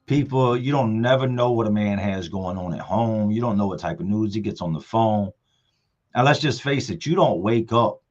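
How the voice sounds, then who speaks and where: A livestream host with a lowish voice tells stories casually at a moderate pace, full of slang. He's an animated storyteller who acts out other people's lines, and the sound is lo-fi.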